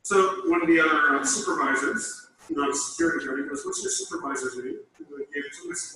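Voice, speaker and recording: A man's voice: fairly high pitch, quick pace, a little hiss or hum. A man telling a first-person story about his past as a phone phreak, acting out the other people's lines as he goes. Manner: lively, acts out the other voices in his story. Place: lecture hall. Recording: echoey room, far off, played through a small laptop speaker.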